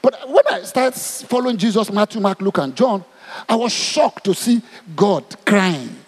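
A man's voice: sits high, unhurried, husky. A man with a Nigerian accent preaching a sermon, asking his congregation question after question. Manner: animated, asks the crowd questions. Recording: long hall reverb.

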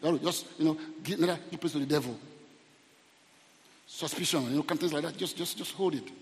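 Middle-aged Nigerian male pastor, lively humorous sermon, slightly high voice, reverberant church hall. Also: a little fast. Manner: humorous, animated, repeats words.

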